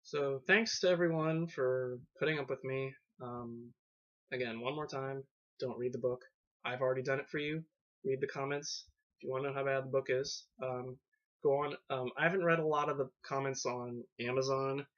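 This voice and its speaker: A man rambles through a casual vlog book review, full of ums and sarcastic asides. His voice sits at an average pitch. The audio is muffled and lo-fi, like a cheap webcam mic. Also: steady tone, moderate pace, a bit bright.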